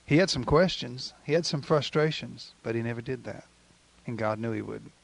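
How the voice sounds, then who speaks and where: A man preaching a sermon in a folksy, animated storytelling manner, retelling scripture with acted quotes. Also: medium pitch, moderate pace, gravelly.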